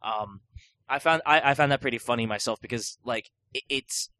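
This young podcast co-host talks at normal speed in a medium-pitched, bright, forceful voice with no echo. His casual chat rambles, packed with fillers and restarts.

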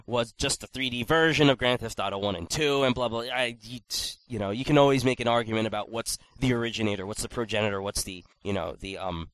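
A man casually chatting on an online podcast, animated, swearing freely and acting out quotes. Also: mid-range voice, fast talker, hardly any pauses, dry recording, low-quality recording. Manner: animated, swearing, acts out quotes in exaggerated voices. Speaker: podcast co-host. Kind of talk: casual chat.

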